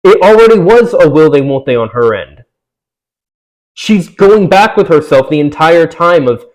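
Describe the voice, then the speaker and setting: A man's voice: on the high side, lively intonation, moderate pace, low-quality recording. A young man reacting to an article he reads aloud, sarcastic and exasperated, swearing often. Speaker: commentator.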